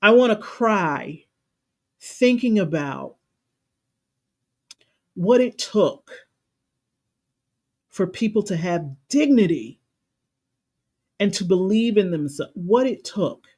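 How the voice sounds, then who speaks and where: A woman's voice: mid-range voice, lively intonation, slow, pauses often. Emphatic woman coach speaking passionately. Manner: emphatic, repeats phrases for emphasis; passionate, preacher-like cadence. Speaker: life coach. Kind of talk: motivational live stream talk.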